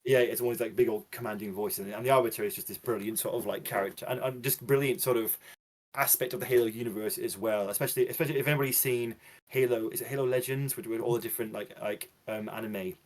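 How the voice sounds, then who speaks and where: Fast-talking man chatting casually. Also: medium pitch, steady tone. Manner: chatty and rambling, with frequent restarts and laughter. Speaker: guest on a gaming podcast. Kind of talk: casual chat.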